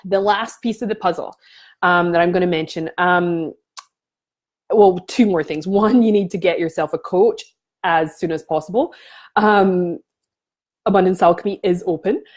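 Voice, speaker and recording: A woman's voice: lowish voice, normal speed, darkish tone. A woman spiritual coach talking casually to camera, passionate and often restarting her sentences.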